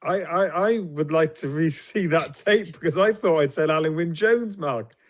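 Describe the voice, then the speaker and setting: A man's voice: fairly high pitch, normal speed. A man chatting as a guest on a rugby panel, self-deprecating and good-humoured. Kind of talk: casual panel chat.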